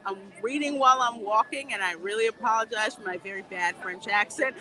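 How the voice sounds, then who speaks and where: A woman livestreams casually while walking outdoors in a theme park, her slightly high voice brisk, bright and forceful. She's talkative, laughs a lot and reads viewer comments aloud, and faint outdoor noise is audible behind her.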